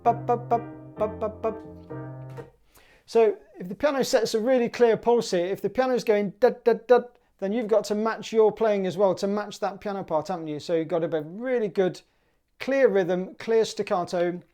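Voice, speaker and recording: A woman's voice: mid-range voice, normal speed, warm tone. A woman teaching clarinet for a music exam, upbeat and chatty, singing rhythms aloud.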